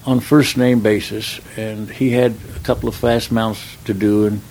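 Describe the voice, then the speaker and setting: A man's voice: on the low side, flat delivery, moderate pace, gravelly, a little mellow, a little hiss or hum, poor audio. An older man, a stuntman, telling rambling folksy stories in a casual interview, with plenty of "uh"s. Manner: folksy, rambling anecdotes with frequent "uh" and acted-out dialogue.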